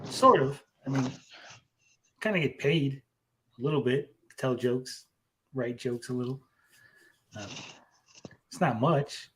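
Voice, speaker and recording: A man's voice: mid-range voice, slow pace, pauses often, fairly bright tone. A young man co-hosting a casual podcast, telling jokes with lots of fillers and restarts. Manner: rambling joke-teller with many fillers. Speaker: podcast co-host and comedian.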